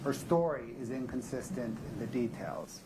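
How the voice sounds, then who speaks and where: Male prosecutor, methodical closing argument, faint hiss behind. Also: medium pitch. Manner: measured, methodical, emphatic. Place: courtroom.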